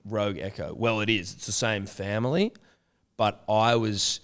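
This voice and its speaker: A man co-hosting a podcast, telling a story in a loose, animated and sweary casual chat. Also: lowish voice, normal speed. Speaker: podcast co-host.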